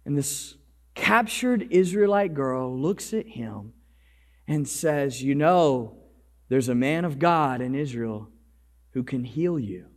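A man preaching a sermon as pastor, telling the story with swings between loud calls and quiet, low lines. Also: lively intonation, takes it slowly. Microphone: microphone.

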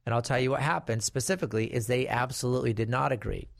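Speaking quickly at a medium pitch with a creaky edge, this middle-aged man is an estate planning attorney walking viewers through guardianship. He mixes conversational storytelling with emphatic warnings, and the sound is clean studio audio without echo.

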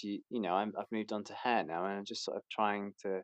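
A man's voice: lowish voice, fairly quick, hardly any pauses, dry recording. A man, chatting hesitantly as a podcast guest, with many fillers and restarts. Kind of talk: casual chat.

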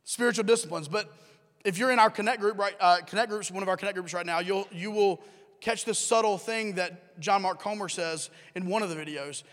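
A man with a high, light voice preaches a sermon to his congregation, talking conversationally, tossing questions to the room and repeating his key lines. His voice rings out with the long reverb of a large church hall. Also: fairly quick, a bit bright. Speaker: pastor. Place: church sanctuary.

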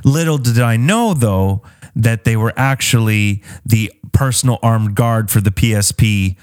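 A man in casual chat, telling a personal story with animated, dramatic swings in his voice. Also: fairly low pitch, a little slow, clean tone.

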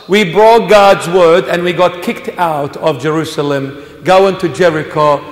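A man preaching a sermon in a church, dramatic, swinging between hushed asides and loud exclamations. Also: a little high, normal speed, few pauses, echoey room, in a large hall. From Australia. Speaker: bishop preacher.

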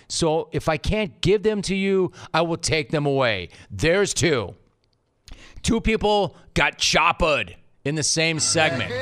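A man's voice: a little high, very animated, unhurried, fairly bright tone. A middle-aged man hosting a sports talk radio show, delivering a sarcastic, mock-indignant rant.

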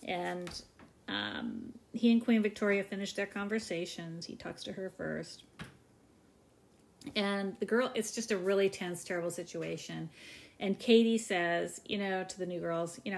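A woman's voice: lowish voice, animated, unhurried, gravelly. A woman hosting a casual chat, recapping a show with a friend, often putting on squealing voices for the people she quotes. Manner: chatty, acts out quoted voices with squealing exaggeration. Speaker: podcast host recapping a reality show.

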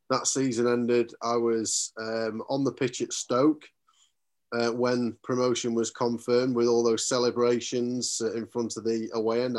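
A man, speaking as a guest in a casual football podcast. He is a radio commentator who talks in an earnest, chatty way and reminisces at length. His voice sits at a middling pitch.

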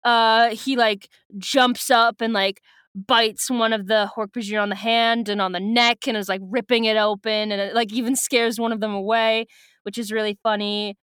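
A woman's voice: on the high side, steady tone, normal speed, fairly bright tone, smooth, no room sound, clean studio sound. Giggly young woman podcast host. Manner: giggly, irreverent, swears. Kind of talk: casual book recap chat.

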